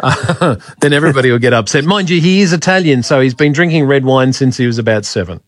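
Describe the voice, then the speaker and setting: A man's voice: medium pitch, quick pace, dry recording. A man with an Australian accent hosting a radio show, trading jokes in casual banter. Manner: joking, wry. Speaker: radio host. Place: radio studio. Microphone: studio microphone.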